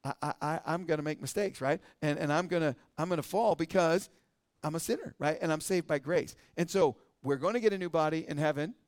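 High-voiced earnest preaching man, dry sound. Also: no echo. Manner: earnest, asks the crowd with a frequent "right?"; reads scripture slowly and deliberately. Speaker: pastor teaching a midweek service. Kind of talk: conversational Bible teaching.

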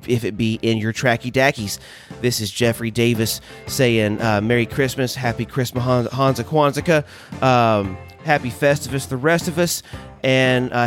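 A man's voice: medium pitch, dry recording, studio quality. A man hosting his own podcast, talking casually and playfully, with some swearing and laughing at his own jokes. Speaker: podcast host. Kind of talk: casual solo podcast monologue.

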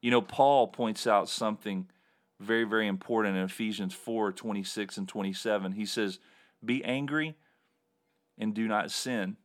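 A man's voice: lowish voice, moderate pace. A man hosting a Bible teaching show, reading scripture and explaining it in an earnest, emphatic way. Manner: earnest, emphatic with repeated words. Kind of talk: sermon-style Bible teaching.

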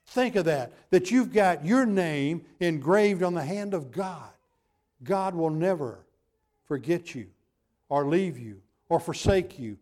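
A pastor delivers a sermon in a somewhat high voice for a man. He stacks phrases on top of one another and leans hard into each repetition. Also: expressive, takes it slowly, darkish tone. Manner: emphatic preaching with building repetition.

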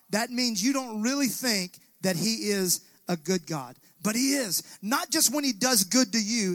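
An extremely high-pitched, fairly bright male voice comes from a pastor delivering a sermon in a church sanctuary. He calls out and asks the congregation to respond, and the recording is dry.

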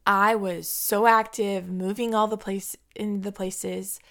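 Young woman, co-host type, slow earnest pacing, gravelly texture. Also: medium pitch, little pitch movement, a bit bright. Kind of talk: reflective faith chat.

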